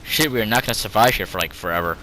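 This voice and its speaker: Bright-voiced young man joking over gameplay. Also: fairly low pitch, racing, slight background noise, poor audio. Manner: rambling, joking, swears, talks to himself. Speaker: gameplay commentator. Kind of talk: casual gameplay commentary.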